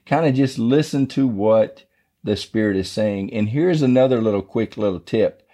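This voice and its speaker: A man's voice: fairly low pitch, normal speed, dark tone. A man hosting a devotional podcast, teaching the Bible in a casual, folksy, rambling way.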